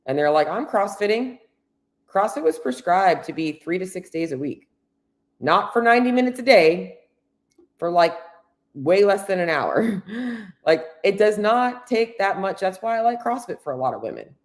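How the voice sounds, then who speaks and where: A woman's voice: medium pitch, big pitch swings, moderate pace. A woman fitness coach talking straight to women in a solo podcast, blunt and candid, swearing freely as she coaches. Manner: earnest, coaching tone addressing women directly.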